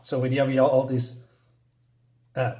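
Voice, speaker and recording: A man's voice: medium pitch, level tone, unhurried, darkish tone. A man giving a casual spoken comic review, hesitant, with many ums and restarts.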